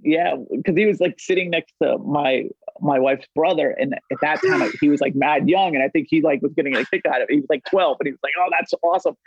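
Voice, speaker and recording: Casting: man, 40s, podcast guest, slightly high husky voice, rambling swear-heavy anecdotes, dull dry lo-fi sound. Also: quick pace, hardly any pauses, dry recording. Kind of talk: casual storytelling chat.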